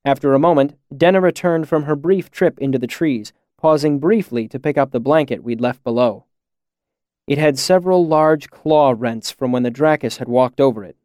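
Dry, measured male storyteller. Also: medium pitch, darkish tone, no room sound. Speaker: audiobook narrator. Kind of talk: scripted narration.

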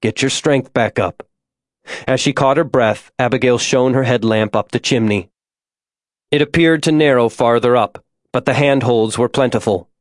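Man reading an audiobook, middle pitch, dead dry studio sound. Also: normal speed, no echo. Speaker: audiobook narrator. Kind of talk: scripted narration.

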